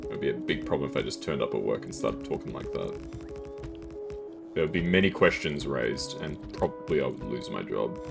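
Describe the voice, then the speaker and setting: A man's voice: a bass voice, lively intonation, brisk, creaky, music in the background. A man streaming a game, chatting casually in a rambling way. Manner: chatty, rambling, chuckles often. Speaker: gaming streamer. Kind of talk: casual gameplay commentary.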